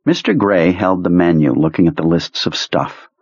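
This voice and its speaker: A man reading a novel aloud as narrator, in a steady, measured voice. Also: sits low, husky, no room sound, dull audio. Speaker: audiobook narrator. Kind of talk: scripted narration.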